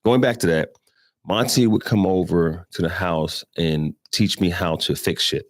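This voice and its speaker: A man's voice: deep voice, a little slow, dry recording, studio quality. A middle-aged man from Brooklyn with a New York accent, rambling through profane personal stories as a morning show host, with asides to his listeners. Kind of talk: casual storytelling chat.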